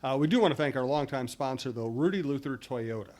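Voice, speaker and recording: A man hosts a casual podcast and talks quickly. He keeps the chat moving with brisk, encouraging remarks, and his pitch is middling. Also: lively intonation, a little mellow. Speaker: podcast host.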